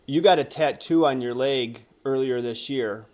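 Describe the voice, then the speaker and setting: Relaxed male interview host. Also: medium pitch, normal speed. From United States. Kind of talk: casual interview.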